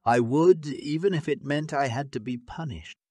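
In a clean, echo-free studio recording, a man narrating an audiobook lightly acts the part of an enraged, bitter nurse in middle age. His mellow voice is pitched above his own, on the high side at a moderate pace, as she scornfully accuses and scolds, her voice rising.

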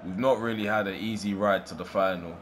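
A man giving live, excitable commentary over his own video game match, swearing and reacting as he plays. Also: deep voice, brisk, slight background noise. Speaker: gaming YouTuber.

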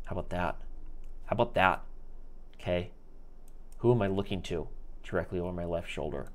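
Guy doing live chess commentary, goofy trash talk, kinda low voice. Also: expressive, normal speed, pauses often, darkish tone. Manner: joking, playful banter. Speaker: chess stream host and commentator.

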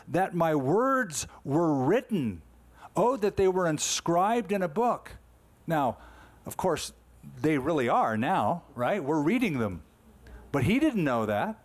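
A man's voice: on the high side, very animated, a little slow. A man in his sixties, a pastor delivering a conversational, emphatic sermon full of rhetorical questions.

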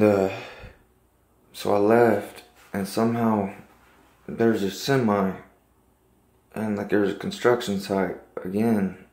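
A man with a fairly low voice recounts a dream in an earnest, rambling way, circling back with likes and restarts. The sound is roomy, with echo off the walls. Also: darkish tone. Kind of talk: casual personal storytelling.

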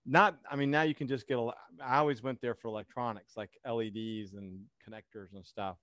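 A man's voice: mid-range voice, fairly even intonation, a little fast, a bit bright, dry recording, clean studio sound. A man hosting a casual live chat, rambling and sarcastic. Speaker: host.

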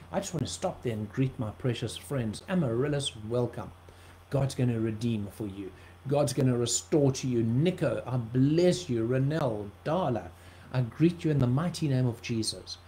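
A man's voice: mid-range voice, expressive, normal speed, dark tone, slight background noise, low-quality recording. A man from South Africa preaching an earnest livestream sermon, often repeating words for emphasis.

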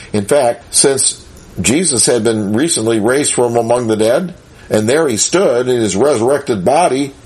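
A man's voice: medium pitch, breathy edge. A man giving a conversational Bible lesson, chuckling often and asking his listeners rhetorical questions. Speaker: Bible teacher.

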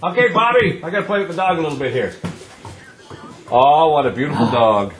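A man's voice: fairly high pitch, brisk, slight background noise. A man hosting a morning radio giveaway on location in a listener's home, teasing people and counting out cash in a joking way. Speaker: radio morning show host.

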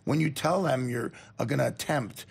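A man's voice: medium pitch, moderate pace, gravelly, breathy edge. A man hosting a talk show, asking questions in casual chat and laughing often.

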